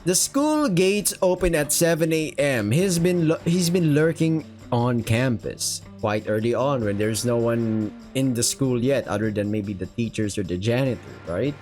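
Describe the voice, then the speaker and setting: This young manga reviewer's casual read-along has him rambling profanely through panels, full of filler "uh"s. He speaks at medium pitch with lively intonation, a measured pace, and few pauses, sounding a little mellow, while faint guitar music plays in his room at home.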